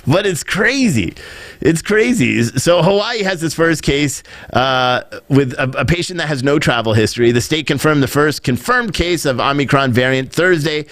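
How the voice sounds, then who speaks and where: A man's voice: a little high, normal speed, no echo, clean studio sound. A man hosting a casual live-stream commentary show, swearing freely and laughing at himself. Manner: animated, laughing, swearing, self-mocking. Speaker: political commentary show host.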